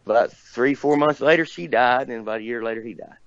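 A man's voice: mid-range voice, a little fast, no room sound, dull audio. A man from near Nashville, casually telling a rambling story as a guest, cussing and laughing often. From Tennessee, near Nashville.

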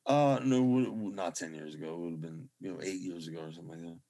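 A man's voice: sits low, quick pace, mellow. Effusive middle-aged man on a video call. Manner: effusive, rambling, reverent. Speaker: musician guest. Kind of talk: casual interview chat.

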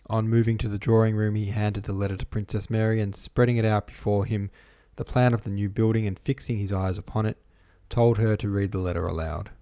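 A man narrating an audiobook in a measured, even reading voice, recorded close to the microphone. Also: on the low side, dry recording.

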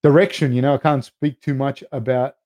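A man's voice: medium pitch, steady tone, a little fast, a little mellow, no echo. A young man hosting a podcast, telling rambling stories in a loose, casual way, full of "like" and "dude" and the odd swear word. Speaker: podcast host and coach. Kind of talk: casual chat, rambling storytelling.

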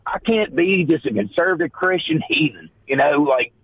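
A man co-hosting a political talk radio show, animated, mocking and rambling. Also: fairly high pitch, moderate pace, breathy edge, lo-fi sound.

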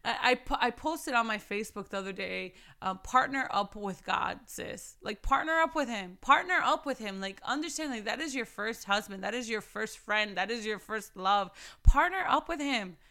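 Woman, high voice, smooth and clear, fervent devotional talk, emphatic repetition. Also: animated, moderate pace, bright, forceful tone. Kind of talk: casual faith devotional talk.

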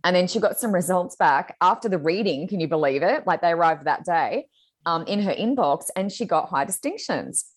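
A woman co-hosting a podcast, telling stories in a chatty, excitable way with lots of fillers. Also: lowish voice, moderate pace, slightly rough. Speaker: psychic medium podcast co-host. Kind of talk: casual chat.

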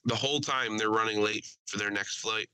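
A man co-hosting a podcast, telling a story in casual chat, animated and profane, laughing often and acting out what others said. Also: fairly low pitch, brisk, smooth, no room sound, rough recording. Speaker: podcast co-host. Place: podcast studio.

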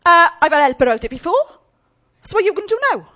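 Loud, cocky young woman as played by a female preacher, high and swooping, slangy and defiant. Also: sing-song, fast talker, exaggerated voice. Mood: demanding. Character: brash young woman student, defiant and mouthy.

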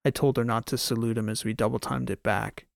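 A man narrating a science fiction audiobook in the first person, in a steady, measured way. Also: medium pitch, creaky, dry recording, studio quality.

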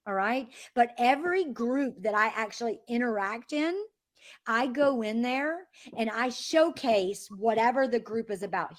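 A woman leads a sales training over a call, talking with bounce and energy. Her voice sits slightly high. She keeps acting out the messages she quotes in quick little voices. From American South. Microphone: phone or call line.

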